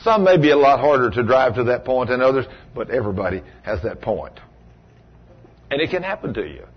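A man's voice: mid-range voice, sing-song, fairly quick, husky, highs cut off. A man preaching a folksy sermon as pastor, asking his congregation rhetorical questions.

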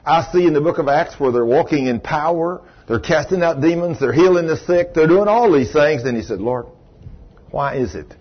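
A middle-aged man, preaching a sermon as a folksy, animated storyteller who acts out the quotes. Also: a little high, slightly rough. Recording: dull lo-fi sound.

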